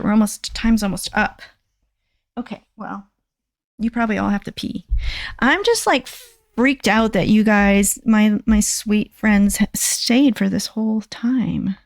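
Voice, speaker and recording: A woman's voice: fairly high pitch, a little mellow, no echo. A woman in her sixties chatting casually and rambling on a livestream, thanking her viewers. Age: 60s. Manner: chatty, rambling, self-deprecating. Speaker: livestream host.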